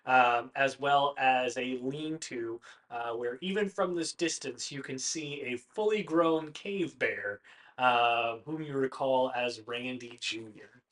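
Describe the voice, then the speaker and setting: A man running a tabletop role-playing game as game master, with a bright, forward voice at a middle pitch. He narrates in a loose, searching way, full of little pauses and fillers. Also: poor audio.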